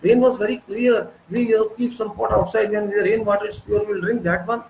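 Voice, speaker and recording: Older indian guy in his 60s preaching a lecture, repeats himself, asks rhetorical questions, high-ish voice. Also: fairly even intonation, fairly quick, creaky, a little mellow, roomy sound, slight background noise, low-quality recording. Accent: Indian English. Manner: earnest, repetitive, rhetorical questions. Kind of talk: moralizing lecture.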